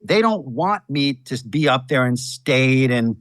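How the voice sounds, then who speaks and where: A man who is a defense lawyer, telling the story of his case in measured interview answers. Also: mid-range voice, lively intonation, dry recording.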